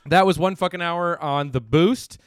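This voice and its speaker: A man's voice: on the high side, normal speed. A man hosting a podcast, chatting about a movie with eager, stammering restarts. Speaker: podcast host. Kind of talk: casual movie chat.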